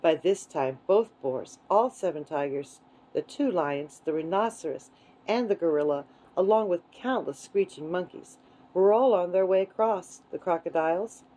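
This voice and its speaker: Mellow, low-voiced woman reading a story. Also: normal speed, low-quality recording. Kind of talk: reading a children's book aloud.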